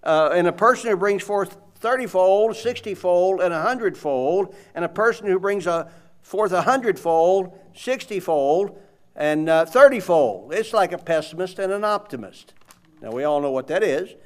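A man preaching a sermon in an animated, conversational way, asking the audience questions. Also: high voice, moderate pace.

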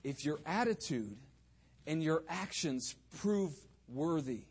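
A man preaches with a high-pitched voice, full of fervour. He surges into loud, driving bursts, then drops to quieter asides. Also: lively intonation, slow pace, slightly rough. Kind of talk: sermon.

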